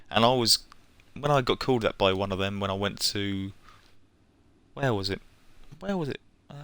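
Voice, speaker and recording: A man's voice: lowish voice, sharp tone, smooth. A young English man streaming a game, chatting casually in a rambling way with frequent chuckles and fillers. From England. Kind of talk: casual live-stream chat while playing.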